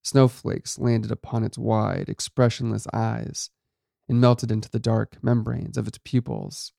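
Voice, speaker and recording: Gravelly low-voiced male horror narrator. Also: expressive, unhurried, dark tone, no room sound, clean studio sound. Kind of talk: first-person horror story narration.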